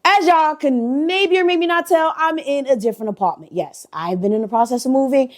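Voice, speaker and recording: Profane, animated young woman vlogger. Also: high voice, brisk. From New Jersey. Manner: animated, profane, talks straight to viewers. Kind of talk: casual storytime vlog.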